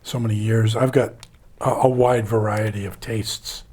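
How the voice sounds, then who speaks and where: A man's voice: fairly low pitch, fairly even intonation, moderate pace, a crowd in the background. A middle-aged man chatting as a guest, enthusiastic and sure of himself. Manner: enthusiastic, self-assured TV fan. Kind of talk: casual chat.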